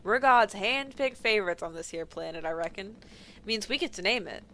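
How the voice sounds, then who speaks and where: A woman voicing a cranky, boastful old ship captain with a folksy, gruff and dismissive way of talking. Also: mid-range voice, animated, moderate pace, fairly bright tone, slight background noise.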